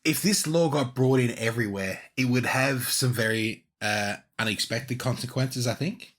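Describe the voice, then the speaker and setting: A man's voice: medium pitch, normal speed, a bit bright. An Australian man co-hosting a podcast, talking in loose rambling sentences. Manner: rambling, lots of "like" fillers. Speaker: podcast co-host. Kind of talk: casual chat.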